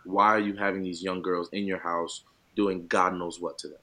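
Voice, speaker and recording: Emphatic low-voiced man, casual chat. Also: moderate pace. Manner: emphatic, animated, slangy. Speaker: podcast co-host, professional football player.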